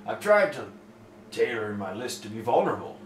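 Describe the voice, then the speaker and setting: Dude doing a drawly folksy viewer voice, twangy, roomy room. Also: male voice, mid-range voice, big pitch swings, normal speed, far from the mic, a little hiss or hum, lightly acted. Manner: exaggerated twangy drawl, reading a letter. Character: folksy drawling male viewer, adult, polite. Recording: roomy with faint ambience.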